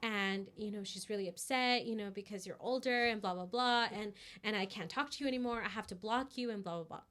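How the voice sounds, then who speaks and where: A woman's voice: mid-range voice, a little fast, a bit bright. A woman co-hosting a podcast, telling a story in casual chat, full of "like" and "you know", acting out what each person said. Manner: filler-heavy, acts out quoted voices. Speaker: podcast co-host.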